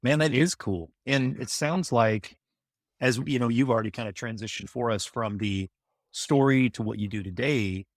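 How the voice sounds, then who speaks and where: A man's voice: mid-range voice, normal speed, no echo, clean studio sound. A man hosting a podcast interview, enthusiastic and rambling as he builds up his questions. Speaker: podcast host.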